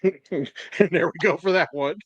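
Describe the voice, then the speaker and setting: A man's voice: high voice, unhurried, fairly bright tone, no echo, muffled recording. A man hosting a podcast in casual chat, swearing a lot, rambling and laughing often. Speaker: podcast host.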